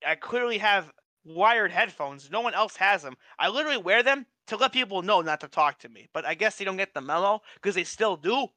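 Young male co-host, high bright voice, dry close sound, swears freely as he rants. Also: brisk, no echo. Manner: animated, profane storytelling with frequent restarts. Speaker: podcast co-host. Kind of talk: casual chat.

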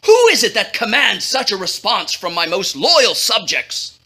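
A woman voicing an excitable, lovestruck king in a playful storybook telling, boisterous and goofy. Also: medium pitch, measured pace, slightly rough, exaggerated voice. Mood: astonished.

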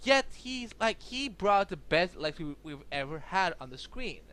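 A young man co-hosting a podcast in casual chat, excitable and rambling, with lots of fillers and restarts. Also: high voice, normal speed. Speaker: podcast co-host.

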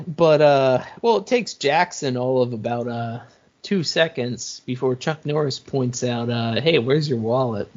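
A man co-hosting a podcast, casually recapping a movie and acting out its lines in an animated way. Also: medium pitch, a little slow. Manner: animated, retells scenes with quoted lines and laughs. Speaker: podcast co-host. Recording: muffled lo-fi audio.

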